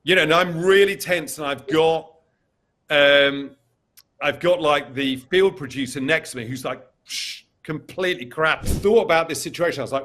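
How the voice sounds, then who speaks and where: A man with a slightly raised voice tells a comic story as an interview guest. He talks in an animated way and acts out what the other people in the story say. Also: on the high side, normal speed. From England. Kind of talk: comic anecdote.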